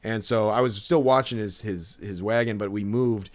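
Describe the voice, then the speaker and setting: A man's voice: on the low side, fairly even intonation, moderate pace. A man co-hosting a podcast, telling a story in a rambling way with many fillers and restarts. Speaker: podcast co-host. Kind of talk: casual storytelling.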